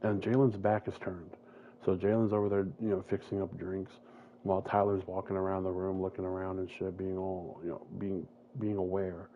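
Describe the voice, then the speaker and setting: A man's voice: deep voice, flat delivery, moderate pace, phone-quality sound, slight background noise. A man casually retelling a made-up story, rambling and swearing often, with many fillers and restarts.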